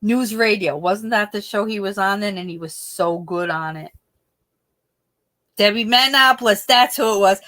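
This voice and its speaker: A woman hosting a casual livestream, chatting in an animated way, laughing often and sometimes trailing off quietly. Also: mid-range voice, moderate pace. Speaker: livestream host.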